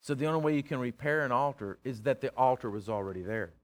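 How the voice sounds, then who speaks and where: A man preaching a sermon, folksy and teasing, swinging from loud to hushed. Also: medium pitch, fast. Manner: plain-spoken, folksy, teasing.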